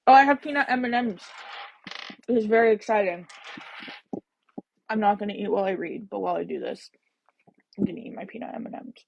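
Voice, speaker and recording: A woman's voice: mid-range voice, fairly quick, creaky, pauses often, highs cut off, slight background noise. A woman hosting a book-reading livestream, chatting casually and bubbly with viewers, full of jokey asides. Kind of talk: casual live chat with viewers.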